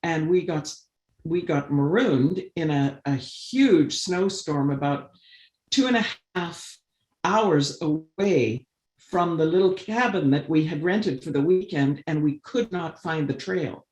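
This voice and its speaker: A woman guest on a video call webinar, telling a long personal story with lively swings as she acts out what people said. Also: slow, reverberant. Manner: animated storyteller, acts out quoted voices with big pitch jumps. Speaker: guest, artist and conservationist.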